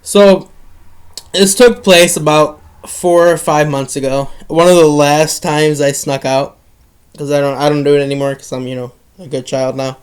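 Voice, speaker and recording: A teenage boy recounting a late-night incident in a loose, rambling storytime monologue. His voice sits a bit high for a young man, and he keeps restarting sentences and dropping in casual swear words. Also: fairly even intonation, normal speed, clean tone.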